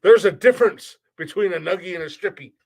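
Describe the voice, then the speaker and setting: A man's voice: high-pitched, quick pace, vocal fry, darkish tone. Joking American podcast host man. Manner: playful, joking, self-mocking. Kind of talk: casual comedic chat.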